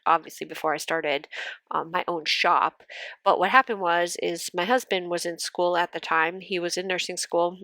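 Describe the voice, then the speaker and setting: A woman with a congested, stuffy nose talks in a chatty, rambling way, full of fillers. Her voice sits fairly low and sounds close and dry. She is middle-aged. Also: fairly bright tone, no echo. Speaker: planner vlogger. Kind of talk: casual plan-with-me chat.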